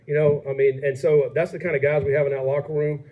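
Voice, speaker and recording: Fast-talking football coach at a press conference. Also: male voice, a little high, flat delivery, phone-quality sound. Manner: upbeat, halting, filler-heavy answers.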